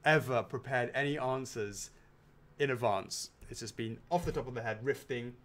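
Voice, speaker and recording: A man's voice: medium pitch, moderate pace, a bit bright. A man hosting a casual question and answer chat, rambling and joking as he reads out questions. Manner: rambling, jokey, laughs often. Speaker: host.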